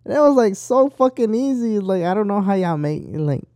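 A man's voice: sits high, lively intonation, moderate pace, darkish tone, no echo, studio quality. A young man chatting casually, rambling and swearing freely as he tells stories. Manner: rambling, profane and talkative. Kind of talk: casual chat.

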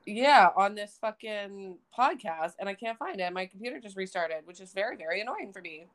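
A woman's voice: medium pitch, lively intonation, fairly quick. A young woman co-hosting a podcast while fighting a cold, chatting bluntly with lots of swearing and playful mock rants. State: has a cold, coughing. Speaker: podcast co-host. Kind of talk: casual chat.

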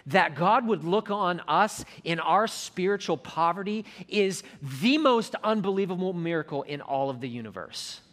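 A high-pitched man delivering a sermon from the pulpit. He reads scripture and hymn lines slowly and softly, then lifts his voice as he builds toward a climax. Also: lively intonation. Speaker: pastor.

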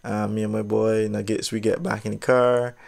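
A man's voice: lowish voice, level tone, normal speed, creaky, darkish tone. A young man casually telling a personal story, rambling and drifting into side tangents. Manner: rambling, digressive, laid-back.

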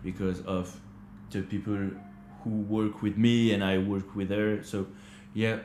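French guy talking slow and halting, lowish voice, echoey kitchen, a bit of background hum. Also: level tone, darkish tone. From France. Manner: hesitant, halting, searching for words. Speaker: guest. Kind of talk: casual conversation. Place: upstairs kitchen of a hostel.

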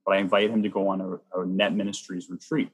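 A man who works as a Catholic youth minister, telling personal stories earnestly in a chatty way, sometimes rushing with excitement. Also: deep voice, husky, low-quality recording. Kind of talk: personal storytelling in an interview.

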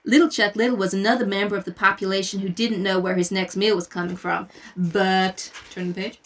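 A woman's voice: medium pitch, flat delivery, brisk, fairly bright tone. A woman co-hosting a casual book podcast, chatting and reading aloud in a giggly, sweary way. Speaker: podcast co-host and reader. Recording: voice a bit far from the mic.

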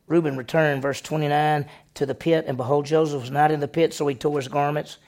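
A man pastor preaching a sermon, questioning the congregation and acting out the story with lively voices. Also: on the high side, fairly quick, few pauses.

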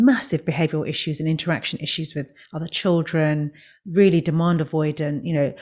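Low-voiced reflective woman host. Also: darkish tone. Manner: reflective, thinks aloud, frequent "mm" and "yeah". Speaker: podcast host, parent. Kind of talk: conversational interview.

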